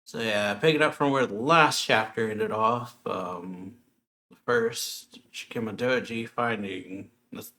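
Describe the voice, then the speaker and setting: A man's voice: lowish voice, takes it slowly, bright, forceful tone. A man hosting a manga review channel, loosely recapping a chapter with lots of fillers. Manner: loose, filler-heavy retelling of the plot.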